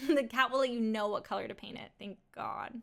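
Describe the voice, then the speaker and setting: A woman's voice: a little high, a little fast, gravelly. A woman live streaming from home, talking in a rambling, casual way and swearing and laughing often.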